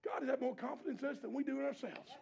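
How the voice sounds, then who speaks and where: A pastor preaching an impassioned sermon to a congregation in a church. He urges the listeners on, swinging from shouting to hushed, low passages. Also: fairly even intonation, very fast, vocal fry. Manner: repeated call-and-response exhortations to the congregation.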